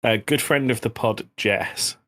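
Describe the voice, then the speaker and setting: A man's voice: medium pitch, measured pace, fairly bright tone. A British man co-hosting a comedy podcast, chatting casually and rambling through jokes. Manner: joking, rambling. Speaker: podcast co-host.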